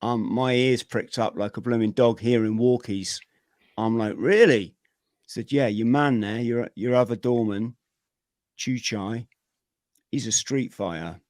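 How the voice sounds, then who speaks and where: A middle-aged man, a podcast guest, telling his own story in a vivid, energetic way with plenty of slang. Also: medium pitch, unhurried, no room sound, studio quality. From Britain. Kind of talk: personal storytelling in an interview.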